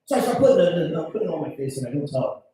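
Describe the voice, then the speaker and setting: A man doing a stand-up set, telling stories loudly with shouted punchlines and mimicked voices. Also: on the high side, very animated, very fast. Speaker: stand-up comedian. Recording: echoey, distant live recording.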